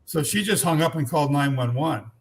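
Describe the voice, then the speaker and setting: A man in his sixties, a podcast guest, telling a personal story frankly and earnestly, with blunt language and halting restarts. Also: on the high side, expressive, a little hiss or hum.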